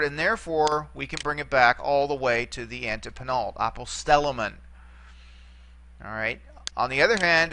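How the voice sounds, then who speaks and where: A man's voice: medium pitch, bright, forceful tone, a little hiss or hum. A man teaching a lesson, walking through examples patiently and repeating each term. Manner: patient, repeats terms, reassuring asides. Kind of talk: screen-recorded lesson.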